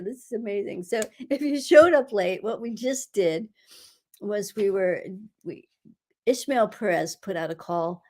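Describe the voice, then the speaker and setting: A woman hosting a live session as an energy healer, guiding a meditation in an unhurried way with frequent soft laughs and the odd whisper. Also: on the high side. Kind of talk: guided energy-clearing meditation.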